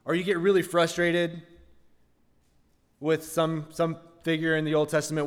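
A man's voice: on the high side, fairly even intonation, moderate pace, clean tone, long reverb tail. A man preaching a sermon, earnest, asking the congregation rhetorical questions. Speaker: pastor.

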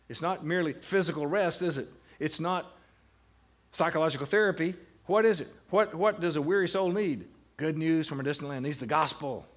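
A middle-aged man giving a classroom lecture on Bible meditation, putting questions to his students and answering them. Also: a little high. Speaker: seminary lecturer.

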